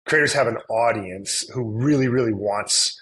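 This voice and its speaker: Guy on a podcast, rambly and casual, lots of likes and you knows, mid-pitch voice. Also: moderate pace, fairly bright tone, low-quality recording. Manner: loose, rambling, many fillers and restarts. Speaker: guest, influencer marketing agency CEO. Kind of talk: casual conversational interview.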